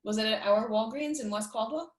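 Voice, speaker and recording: A woman's voice: a little high, fairly quick. A woman hosts a podcast in easygoing casual chat. She laughs readily, and her voice carries the echo of a roomy space. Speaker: podcast host. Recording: echoey room.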